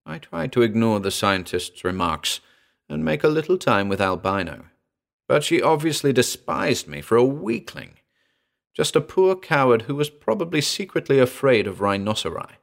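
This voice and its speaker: A man's voice: medium pitch, expressive, normal speed, vocal fry. A man narrating a comic pulp story in a wry first-person reading. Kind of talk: audiobook reading.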